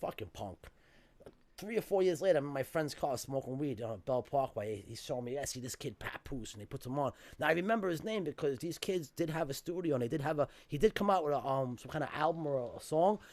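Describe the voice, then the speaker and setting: Fast-talking New man telling a story. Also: on the high side, expressive, darkish tone, no room sound. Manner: emphatic, profane street-style talk. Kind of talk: casual storytelling.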